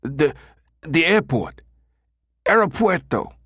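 A man voicing a young male punk who talks high and panicky, stammering in fear. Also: very animated, extremely slow, fairly bright tone, slightly rough, no room sound, clean studio sound, heavily acted. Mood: terrified.

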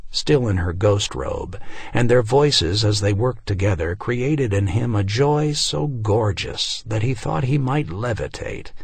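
Male audiobook narrator, very husky voice, gravelly fry, slow measured telling, lively pitch. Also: dry recording. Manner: measured, expressive storytelling with dramatic dips and rises. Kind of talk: scripted narration of a novel.

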